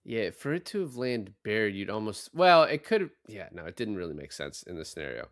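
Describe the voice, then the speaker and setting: A man hosting a casual movie-review podcast, excitedly recounting scenes and swearing freely. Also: lowish voice, a little fast, no echo, studio quality. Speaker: podcast host.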